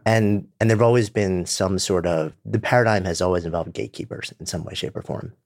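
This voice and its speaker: A male host with a very deep, gravelly voice reflects aloud, winding through his thoughts. He speaks in a relaxed, conversational way. The recording is dry and close. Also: fairly quick, dry recording. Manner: reflective, rambling. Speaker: podcast host. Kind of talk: conversational interview.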